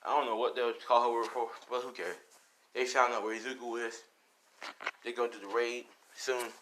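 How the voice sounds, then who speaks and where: A man's voice: mid-range voice, noisy background. A young man casually retelling a fan story, rambling and swearing and laughing often.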